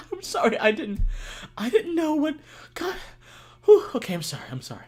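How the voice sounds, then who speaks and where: A man's voice: very high voice, wildly swooping pitch, moderate pace. A man hosting a casual chat stream, stammering and repeating himself as he talks. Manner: stammering, repeated apologies through laughter. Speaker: stream host.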